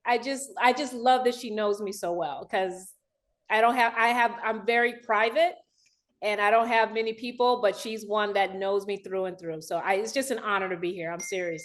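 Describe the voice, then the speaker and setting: An American woman from the Los Angeles area, speaking in an interview with animated, emotional talk and frequent restarts. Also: medium pitch, normal speed. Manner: animated, laughing, restarts often. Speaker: guest dancer and director.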